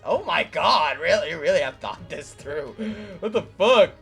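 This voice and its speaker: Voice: medium pitch, animated, normal speed, creaky, few pauses, a bit bright, faint music behind. A let's-play streamer giving casual, chatty gameplay commentary, giggling and swearing casually.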